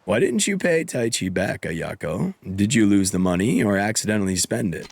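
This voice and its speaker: Man doing a calm, low stoic guardian. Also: moderate pace, vocal fry, no room sound. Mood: steady.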